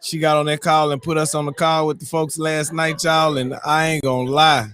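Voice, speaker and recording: A man hosting a morning show, telling stories in an animated, laughing way with loose slang. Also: on the high side, normal speed, clean tone. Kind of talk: casual chat and storytelling.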